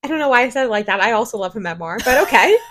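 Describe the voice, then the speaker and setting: A woman's voice: a little high, lively intonation, quick pace. A woman co-hosting a book podcast, chatting casually and telling rambling anecdotes. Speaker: podcast co-host. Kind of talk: casual chat.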